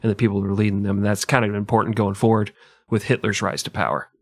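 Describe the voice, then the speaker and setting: A man's voice: fairly low pitch, flat delivery, fast talker, no echo, clean studio sound. A man co-hosting a casual history podcast, joking and sarcastic, swearing freely. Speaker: podcast co-host.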